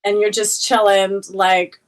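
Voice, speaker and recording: A woman's voice: mid-range voice, little pitch movement, slow. A young woman streamer in a casual chat, talking freely with many fillers and a playful tone. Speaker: Twitch streamer, guest.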